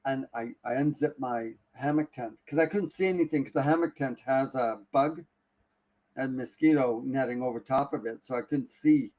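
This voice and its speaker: Excitable man telling a spooky story. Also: mid-range voice, normal speed. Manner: animated, breathless retelling with many restarts. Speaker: guest. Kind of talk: casual storytelling.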